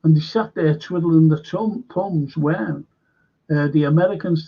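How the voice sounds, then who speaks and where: Man, slow gravelly talker, halting, sarcastic rant, lo-fi sound. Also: a little high. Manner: halting, repeats words, sarcastic. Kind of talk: rambling opinionated monologue.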